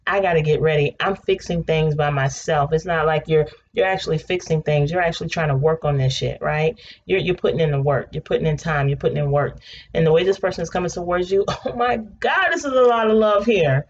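A woman giving a casual tarot reading, chatty and blunt, swearing freely and breaking into excited laughter. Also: deep voice, a little fast. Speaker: tarot reader. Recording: slightly dull home recording with faint noise.

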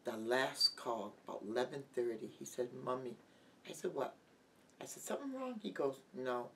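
Middle-aged woman guest, halting heartfelt testimony, mic set back with faint hiss. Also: extremely low pitch, expressive, fairly bright tone. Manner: halting, heartfelt, with many restarts. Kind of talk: emotional personal testimony. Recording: distant mic with light background noise.

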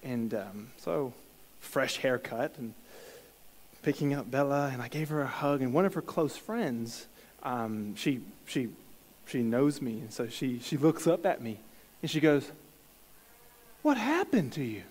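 A man sharing a personal testimony in a sermon, telling the story with animated stammered restarts and bursts of laughter. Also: medium pitch, a little slow, long reverb tail, poor audio. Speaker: church speaker sharing a testimony.

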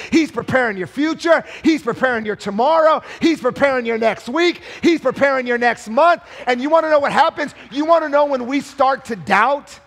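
A high-voiced man preaching a live sermon in a church. He speaks with energy and builds up to shouts. He puts questions to the congregation as he goes. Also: normal speed, few pauses. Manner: energetic, rising to shouts, asks the crowd questions. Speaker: pastor.

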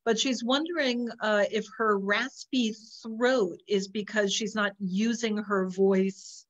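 A woman hosting an interview, speaking very slowly and gently as she passes along a question. Her voice is mid-pitched. The recording sounds dull and lo-fi. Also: steady tone. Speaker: interview host. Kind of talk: casual interview.

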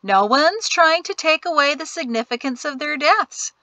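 A woman plays a smug, greedy rich man in an audiobook, his tone syrupy and condescending. The voice is bright and a little high, recorded close and dry. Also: lively intonation, normal speed, dry recording. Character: greedy wealthy man, sickly sweet and smug.

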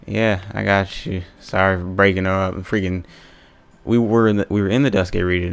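A man's voice: sits low, level tone, moderate pace, vocal fry, smooth. A young man hosting a let's play, exasperated and ranting at the game, swearing often. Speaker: gaming video host.

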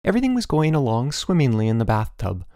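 A man narrating a children's audiobook in an expressive storytelling manner. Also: mid-range voice, fast, dry recording, clean studio sound.

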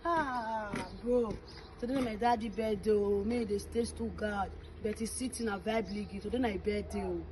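A woman's voice: mid-range voice, fairly even intonation, moderate pace, darkish tone, slight background noise, rough recording. A woman with a Nigerian Pidgin English accent speaking in a casual vlog, heaping blessings and well-wishes. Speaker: vlogger. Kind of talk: casual birthday message.

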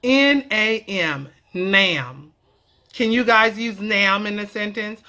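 A woman's voice: mid-range voice, slow. A woman from California talking in a playful, slangy way as a comedic vlogger teaching a lesson. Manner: playful, animated, slangy, jumps into character voices.

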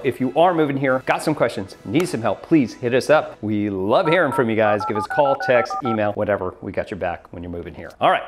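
An energetic man in his forties, originally from upstate New York, talks casually to camera as the host of his own channel. His voice sits at an ordinary middle pitch for a man. He keeps an upbeat, chatty, salesman-like manner throughout. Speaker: real estate agent and channel host.

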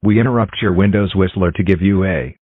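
A man voicing a male robot error figure that warns the user in a flat, threatening way and gets more irritated as it goes on. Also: low-pitched, brisk, lightly acted. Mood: stern. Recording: dry, phone-like tinny sound.

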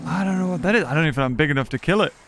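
A man's voice: on the high side, lively intonation, racing, heavy background noise. A man giving casual, chatty commentary while playing a survival game, giggling and talking to the animals on screen. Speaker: gaming YouTuber. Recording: game music behind the voice.

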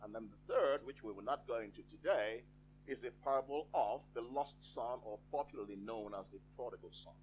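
A man preaching a sermon in a church, with slow, emphatic phrasing and dramatic pauses. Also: mid-range voice, a little mellow, a little hiss or hum, poor audio.

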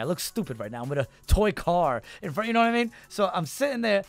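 A man in his thirties, a rapper guest, telling a long story in a lively, profane way and acting out the people in it. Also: on the high side, quick pace, gravelly, faint music behind. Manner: animated, profane, acts out voices in his story. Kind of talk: casual storytelling.

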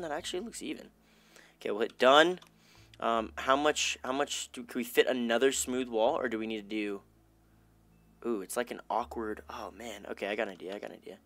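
Chatty young man narrating gameplay. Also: medium pitch. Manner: chatty, self-talking, upbeat, bursts of excitement. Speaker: gaming YouTuber. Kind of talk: casual gameplay commentary.

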